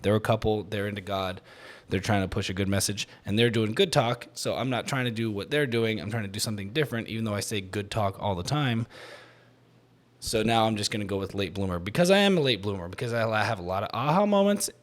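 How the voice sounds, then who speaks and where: A man with a lowish voice hosts his own podcast alone. He rambles and stops to restart, a touch short of breath. His tone pokes fun at himself. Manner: rambling, self-deprecating, quick with restarts. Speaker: podcast host. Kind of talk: solo podcast monologue.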